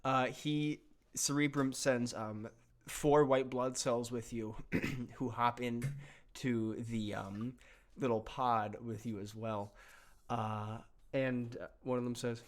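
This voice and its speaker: A man's voice: mid-range voice, fairly even intonation, slow pace. Man game master, improvised comedic tabletop narration, loose and rambling. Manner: loose, rambling, many fillers.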